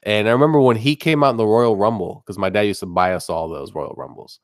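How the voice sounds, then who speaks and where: A man's voice: on the low side, quick pace, no room sound, clean studio sound. A man chatting casually on a live stream, rambling through rants that build to a sarcastic punchline.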